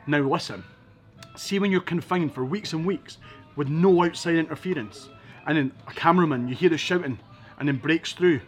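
A Scottish man from Edinburgh, a podcast guest telling animated anecdotes with wry asides. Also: a little high, normal speed, faint music behind. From Scotland, Edinburgh. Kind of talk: casual storytelling interview.

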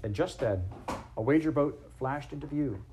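Male narrator for a storybook audiobook: gentle, measured, expressive, mid-pitched, faint hiss behind. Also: rough recording. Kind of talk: storybook reading aloud.

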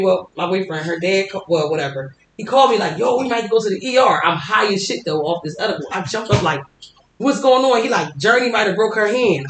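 A woman guest on a casual podcast, telling profane, animated stories with lots of laughter. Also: mid-range voice. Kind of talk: casual storytelling chat. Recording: echoey room with faint noise.

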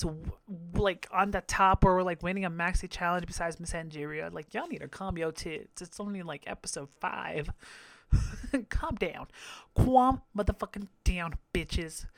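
A man's voice: sits high, creaky, a bit bright, no echo. A man hosting a podcast, giving a campy, profane, giggly episode recap. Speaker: podcast host.

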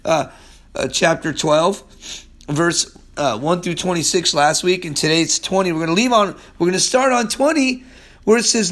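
A man's voice: high voice, sharp tone. A male pastor with a weather-strained voice gives a casual Bible-study sermon, chatty and loose, often dropping "man".

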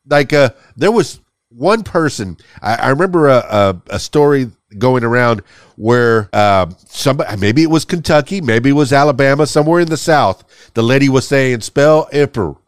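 A man's voice: mid-range voice, normal speed, clean tone, dry recording, studio quality. A man hosting a podcast interview, asking long, rambling questions full of anecdotes. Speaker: podcast host. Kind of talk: casual interview chat.

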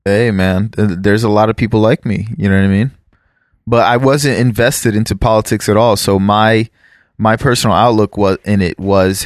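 A man's voice: fairly low pitch, fairly even intonation, moderate pace, dry recording, studio quality. A man who immigrated to the US, chatting casually and rambling, correcting himself and swearing offhand. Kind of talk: casual podcast chat.

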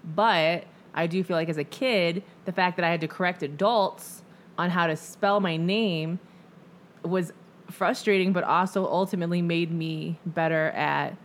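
A young adult woman co-hosting a relaxed podcast, talking in a blunt, loose way with casual swearing. Her voice sits a little low for a woman. A faint background hiss runs under the talk. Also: a little slow. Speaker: podcast co-host. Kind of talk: casual chat.

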